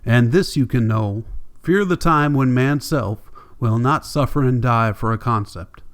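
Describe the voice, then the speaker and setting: A man reading a classic novel aloud as an audiobook narrator, measured and deliberate, with long pauses. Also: mid-range voice. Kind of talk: scripted narration.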